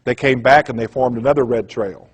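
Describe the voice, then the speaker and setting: A man's voice: mid-range voice, fairly quick, husky. A man giving a presentation in a rambling, emphatic storytelling manner. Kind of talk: conspiracy lecture talk.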